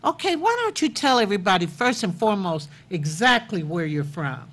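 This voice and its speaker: A woman's voice: mid-range voice, very animated, fairly quick. An older woman hosting a chatty TV interview, effusive and repeating words for emphasis. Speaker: talk show host.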